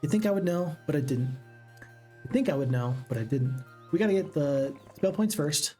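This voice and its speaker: Soft music plays behind this let's play gamer, whose warm, slightly high voice has lively intonation and a moderate pace. As he plays a strategy game, he chats casually, reasoning out loud and posing questions to himself.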